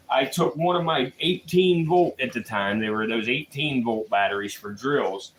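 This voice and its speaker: Profane storytelling man in an echoey room. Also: a little high. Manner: profane, rambling, laughs often. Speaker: livestream host. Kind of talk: casual storytelling. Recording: echoey room with faint ambient noise.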